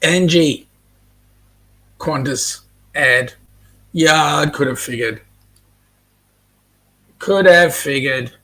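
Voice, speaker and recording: A man's voice: fairly high pitch, extremely slow, long pauses, sharp tone. An Australian man hosting a casual live stream, chatting and reading out viewer comments with plenty of ums. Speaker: host reading live chat.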